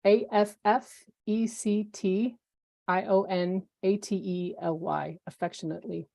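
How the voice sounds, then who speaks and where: A woman competing in a spelling bee over a video call, politely asking for definitions and spelling in a measured way. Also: medium pitch, fairly even intonation, vocal fry, warm tone. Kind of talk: spelling aloud in a contest.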